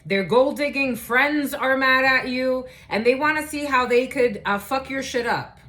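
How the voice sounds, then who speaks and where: A woman's voice: high voice, unhurried, sharp tone. A woman giving a casual, chatty collective tarot reading, cursing freely and using many fillers. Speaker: tarot reader.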